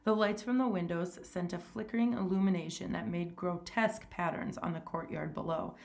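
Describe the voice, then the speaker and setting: Woman reading a story aloud, low pitch, gravelly, steady, plain, small stumbles. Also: normal speed. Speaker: reader.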